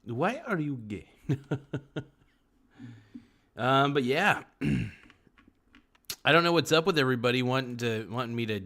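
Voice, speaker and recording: A man hosts a casual live stream, reading out viewer comments and riffing off the cuff. He jokes constantly and breaks into laughter often. His voice sits at an average pitch. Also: fairly bright tone. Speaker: livestream host.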